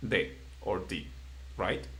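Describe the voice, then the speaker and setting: A man teaching a beginner class in English, patient and encouraging as he explains rules slowly. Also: deep voice, a bit bright. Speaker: Spanish teacher. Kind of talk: live-streamed online language lesson.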